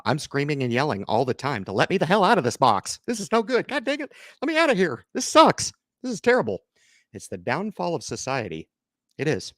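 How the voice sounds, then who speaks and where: A middle-aged man with a lowish voice rambles through a casual livestream chat, swinging his pitch up and down as he talks straight to his viewers. The sound is close and dry, with no room around it. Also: no echo. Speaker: investing channel host.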